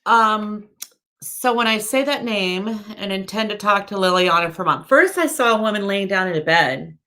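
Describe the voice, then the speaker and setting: A woman's voice: medium pitch, moderate pace, bright, forceful tone. A woman working as a psychic medium, giving live-stream readings to viewers in a chatty, searching way, with many fillers and self-corrections. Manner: reads viewer comments aloud.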